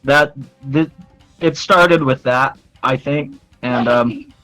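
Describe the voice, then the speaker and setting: Man, tabletop player, slow talker, rambling, apologetic in character, music behind. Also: mid-range voice, fairly bright tone, poor audio. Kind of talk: playing a tabletop game. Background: background music.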